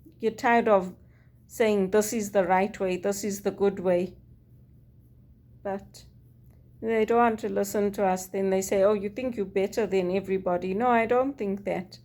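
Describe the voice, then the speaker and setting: A woman's voice: medium pitch, fairly even intonation, normal speed, a little mellow. A woman from Zimbabwe, speaking in a personal monologue, earnest and weary as she recounts her experiences and quotes others. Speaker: vlogger.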